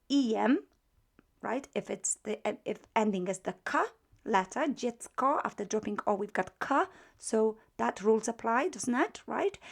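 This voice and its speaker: Woman teacher going slow through a grammar lesson, patient, says each word over and over. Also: on the high side, vocal fry. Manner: slow, patient, repeats words to drill them. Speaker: language teacher.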